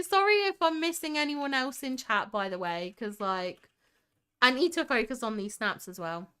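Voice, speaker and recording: Bright, gushing young woman streamer. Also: sits high, lively intonation, unhurried, clear, resonant tone. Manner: gushing, giggly, reads out and answers chat. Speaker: livestream host. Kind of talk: casual livestream chat reviewing game screenshots.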